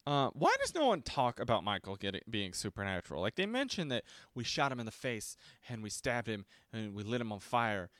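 A man's voice: medium pitch, big pitch swings, a little fast, few pauses, a bit bright, no echo. A man from Texas, talking casually at home into a close mic, ranting sarcastically about a horror movie and acting out quotes in mocking voices. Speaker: podcast host reviewing a horror movie.

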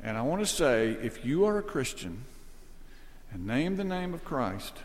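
A man preaching an expository sermon with earnest conviction, climbing to emphatic peaks and then sinking low and quiet. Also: sing-song, a little slow, in a large hall.

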